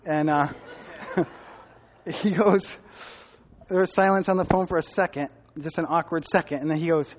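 A man's voice: fairly high pitch, unhurried, pauses often, in a large hall. A man giving a personal testimony to a church group, telling his story with quoted dialogue and laughter, then urging listeners toward ministry. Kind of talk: testimony sermon.

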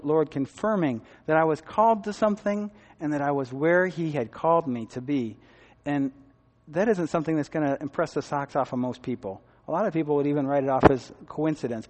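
A man's voice: fairly high pitch, big-room sound. Man telling a church testimony. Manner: storytelling with quoted dialogue and laughter. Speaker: church speaker giving a testimony. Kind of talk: testimony sermon.

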